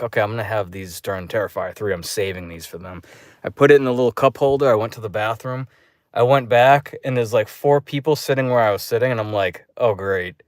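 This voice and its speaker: A man's voice: mid-range voice, dry recording. Profane rambling man in a dry room. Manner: profane storytelling with animated re-enacted outbursts; loose, restarting delivery. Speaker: movie reviewer. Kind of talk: rambling casual vlog review. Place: dark room.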